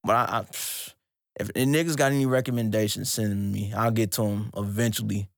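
A young man co-hosting a casual podcast, talking about music in an animated, profane way and leaping into a high excited voice when he quotes himself. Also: a little fast, creaky, dry recording, studio quality. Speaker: podcast co-host.

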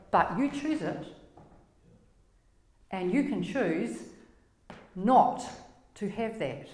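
A woman with a crackly voice giving a conversational Bible teaching, emphatic and full of rhetorical questions. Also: medium pitch. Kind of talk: conversational sermon. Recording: roomy echo.

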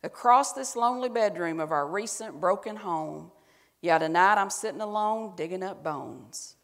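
A woman hamming up a heartbroken country singer, loud Southern drawl. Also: medium pitch, expressive, moderate pace, big-room sound, natural voice. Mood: mournful drawl. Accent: exaggerated American Southern. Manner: spoken lyrics in a broad twang, louder than her usual talk.

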